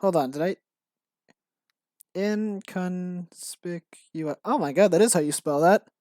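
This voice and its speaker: A man's voice: fairly high pitch, fast talker, a little mellow, no echo, clean studio sound. A man streaming while he builds his own game, rambling casually with many restarts and fillers. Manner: rambling, self-interrupting, frequent fillers and restarts. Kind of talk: casual live-stream commentary.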